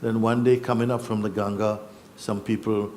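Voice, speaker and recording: A man, a spiritual teacher telling his own story in a reflective, unhurried way with pauses and restarts. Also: fairly low pitch, flat delivery, a little mellow, a little hiss or hum. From Jamaica. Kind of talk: personal storytelling.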